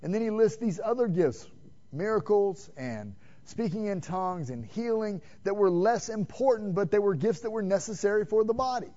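A man preaching a sermon, asking the congregation questions and swinging between loud emphatic calls and hushed, quiet passages. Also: high-pitched, expressive, normal speed. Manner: direct, addresses listeners with "man" and rhetorical questions. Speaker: pastor. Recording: dull lo-fi sermon recording.

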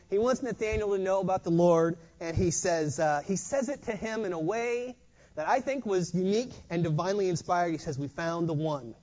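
A preacher giving a sermon in an animated way, often repeating words as they go. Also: medium pitch. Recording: dull lo-fi recording.

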